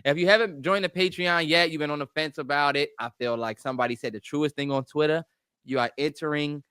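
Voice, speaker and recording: A man co-hosting a podcast in casual banter, slangy and quick to tease his co-host. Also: a little high, pushed and bright, smooth, no echo, clean studio sound.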